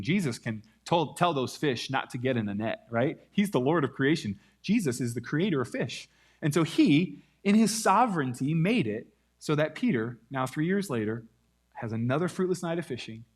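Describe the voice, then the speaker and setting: A man preaching a sermon, telling a Bible story with lively acted-out quotes. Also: medium pitch. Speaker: pastor.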